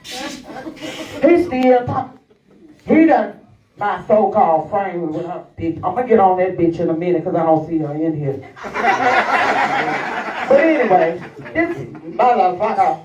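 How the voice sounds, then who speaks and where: A woman's voice: on the low side, animated, measured pace, long pauses, very noisy. A woman doing stand-up storytelling, brash and profane, talking straight to the crowd from a live comedy venue. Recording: echoey, distant, dull live recording.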